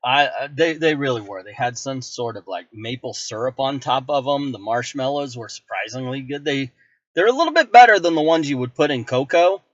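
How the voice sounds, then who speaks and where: A man's voice: medium pitch, brisk, dry recording. Man in a dry, muffled voice-over. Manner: relaxed, conversational, with self-corrections. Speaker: vlogger host. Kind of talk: voice-over food review.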